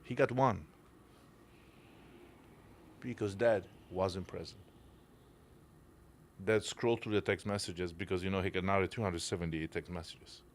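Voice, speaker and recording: Emotional Polish-accented man, low voice. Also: fairly even intonation, moderate pace, pauses often, slight background noise. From Poland. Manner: blunt, emotional storytelling, broken English with swearing. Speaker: podcast guest. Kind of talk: casual chat.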